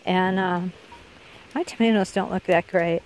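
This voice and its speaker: Unhurried and steady, this woman's low-ish, darkish voice comes with a little hiss or hum. She is a middle-aged vlogger walking viewers around her backyard garden in a rambling, chatty way, correcting herself mid-sentence while unwell with hiccups.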